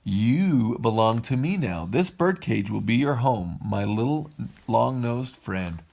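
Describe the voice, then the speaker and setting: A man's voice: mid-range voice, expressive, takes it slowly, creaky, darkish tone, full character voice. A man voicing a greedy, menacing male puppet master in a storybook read-aloud, with a domineering, bellowing delivery. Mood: gloating.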